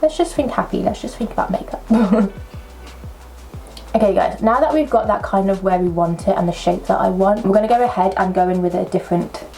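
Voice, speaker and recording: A woman's voice: medium pitch, fairly quick, gravelly, soft background music. Brief: chatty young woman, makeup tutorial. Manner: chatty, excitable, self-mocking asides. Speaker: makeup vlogger. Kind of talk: casual makeup tutorial chat. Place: at home at a table.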